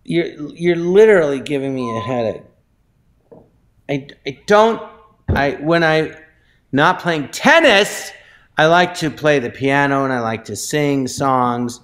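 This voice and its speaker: A man appearing as a guest in an improvised comedic interview. He stumbles and restarts his sentences and sometimes flares into shouting. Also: on the high side, slow.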